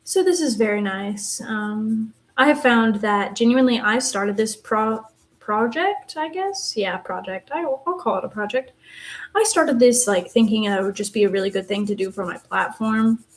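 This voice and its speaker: Young West Texan woman, rambling live-stream chatter while coloring, voice sitting at an average pitch. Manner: rambling and chatty, many fillers and asides. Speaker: live streamer, university theater student.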